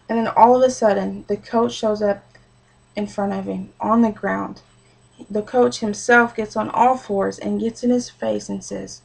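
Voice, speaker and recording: Earnest young woman with a gravelly voice. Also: a little high, moderate pace, a little mellow, low-quality recording. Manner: earnest, conversational with frequent fillers. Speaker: speaker giving a short sermon. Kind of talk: personal story sermon.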